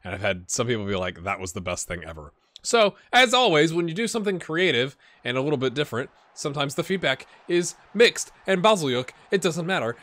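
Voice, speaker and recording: A man talking his way through a football management game, rambling and second-guessing himself. His pitch swings widely when a play excites him. The sound is dry and close, with no room around it. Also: a little fast, few pauses, no room sound. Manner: rambling, self-questioning, bursts of excitement. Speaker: gaming YouTuber. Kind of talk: casual game commentary.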